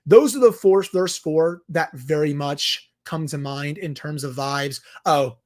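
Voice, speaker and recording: A man's voice: a little high, measured pace. A young man co-hosting a sports podcast, reading listener questions in a casual, upbeat way. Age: young adult. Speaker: podcast co-host.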